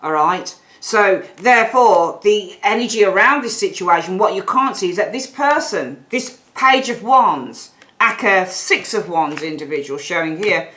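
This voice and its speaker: A woman's voice: medium pitch, bright, forceful tone. Woman, tarot reader, chatty, repeats herself for emphasis. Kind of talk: tarot reading to camera.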